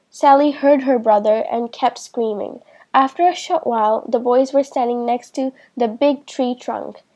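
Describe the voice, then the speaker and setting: A woman reads a children's storybook aloud in a slow, clear way for beginners. Her voice is high and her tone is soft and mellow. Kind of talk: children's book read-aloud.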